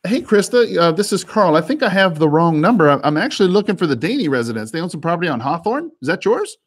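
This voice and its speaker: A man working as a real estate broker, coaching in a quick, chatty way and often repeating words and laughing. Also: sits high, sing-song, husky. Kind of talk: coaching talk with live cold calls.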